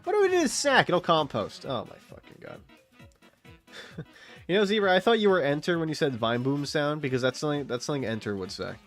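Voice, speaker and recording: A man's voice: on the high side, big pitch swings, brisk, fairly bright tone, faint music behind. A man in his late twenties streaming a game, rambling in casual, profane commentary and chatting with his viewers and the game's animals. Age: late 20s.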